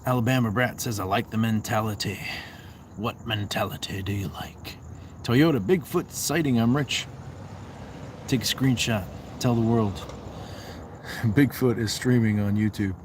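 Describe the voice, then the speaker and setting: A man's voice: on the low side, unhurried, pauses often, a little hiss or hum. A man from the Southwest United States hosting a casual livestream, reading viewer comments aloud and answering them with playful, bantering asides. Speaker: livestream host. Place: outdoors on a walk.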